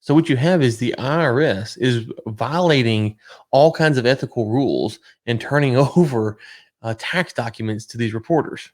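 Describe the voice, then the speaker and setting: A man co-hosting a podcast, talking casually in an animated, sarcastic, ranting way. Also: medium pitch, moderate pace. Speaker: podcast co-host. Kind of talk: casual political chat.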